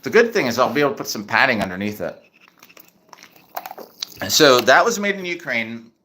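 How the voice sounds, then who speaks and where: Middle-aged male streamer, bright voice, casual rambling chat. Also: mid-range voice, very animated, moderate pace, slight background noise. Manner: rambling, restarts often, reads chat. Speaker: livestream host.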